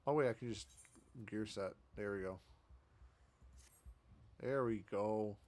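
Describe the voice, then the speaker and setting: A man's voice: lowish voice, takes it slowly, darkish tone. A man streamer giving casual, rambling gameplay commentary, talking to himself as he plays.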